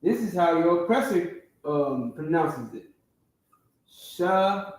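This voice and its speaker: Man teaching a class, fairly high voice, heard from far off, heavy room echo. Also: sing-song, measured pace, darkish tone. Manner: keeps checking in with the listeners. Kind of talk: classroom lecture. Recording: very echoey room, distant from the mic.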